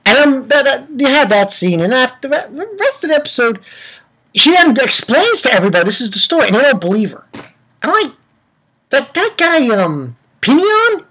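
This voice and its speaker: A man's voice: very high voice, sing-song, a little fast, pushed and bright, breathy edge. A young man giving a rambling, profane, casual recap of an anime episode, full of restarts. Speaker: anime reviewer.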